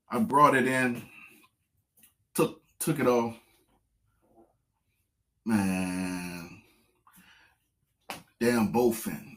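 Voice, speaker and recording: A man, casually telling viewers a fishing story, repeating phrases and getting excited. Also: mid-range voice, measured pace, pauses often. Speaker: fishing vlogger.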